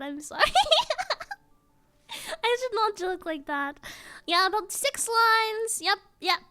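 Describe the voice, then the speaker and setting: A woman's voice: high voice, bright, forceful tone. A woman streamer chatting casually to her viewers, giggling often and mocking herself with joking asides. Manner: giggly, self-mocking, jokey rambling.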